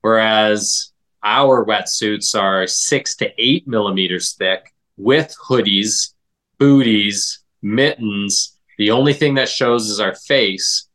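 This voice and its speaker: Easygoing vet guest from Canada, a bit low-pitched, jokes as he tells stories. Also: slow, fairly bright tone. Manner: easygoing, jokey storyteller. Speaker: veterinarian guest. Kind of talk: casual interview chat.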